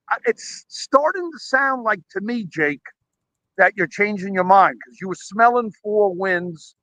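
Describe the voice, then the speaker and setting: A man's voice: sits high, a bit bright, dry recording, highs cut off. A man calling in by phone from a park, rambling animatedly through a story with quoted dialogue. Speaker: caller. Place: outdoors at a park.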